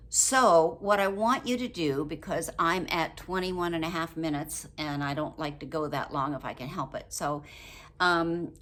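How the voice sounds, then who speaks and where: Older woman, low voice, casual vlog, chatty, laughs a lot, acts out sample phrases. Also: a bit bright. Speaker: book review vlogger. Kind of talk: casual talk to camera.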